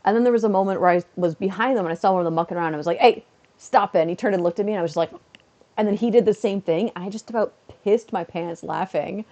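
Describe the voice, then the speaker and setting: A woman's voice: mid-range voice, very fast, warm tone, highs cut off. A woman chatting casually on a home stream, giggling at her own jokes. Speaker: live streamer and teacher.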